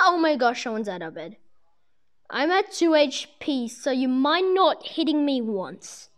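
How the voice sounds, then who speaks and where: High-voiced, excitable woman gaming. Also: a little slow. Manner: excitable, yelps and playful trash talk. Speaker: gamer commentating own play. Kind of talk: casual gameplay commentary. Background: children's music playing.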